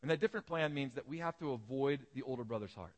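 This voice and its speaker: A man's voice: mid-range voice, quick pace. A male pastor preaching a sermon and retelling a parable as a vivid, dramatic storyteller.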